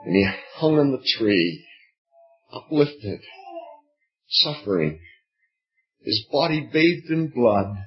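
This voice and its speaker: A man preaching an evening sermon, slow and dramatic, with long pauses and repeated phrases. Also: medium pitch, big pitch swings. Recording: dull lo-fi recording.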